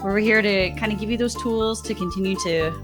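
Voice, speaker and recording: A woman co-hosts a podcast and closes out the episode. She speaks in an affirming way, at a middle pitch, while music plays clearly underneath. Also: a little fast. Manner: affirming, signs off the show. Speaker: podcast co-host. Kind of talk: casual podcast chat.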